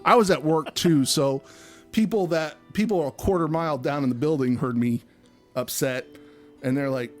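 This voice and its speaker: A man's voice: fairly high pitch, moderate pace, soft background music. A man co-hosting a podcast, ranting angrily and swearing freely as he tells a story in casual chat. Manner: heated profane ranting storyteller. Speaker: podcast co-host.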